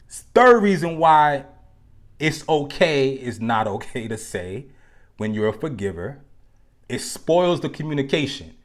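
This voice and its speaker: A man hosting a live relationship talk, speaking casually with slang and joking asides to his viewers, slowing down to stress key points. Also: mid-range voice, fairly bright tone. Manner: loose and conversational, slang, joking asides to the chat.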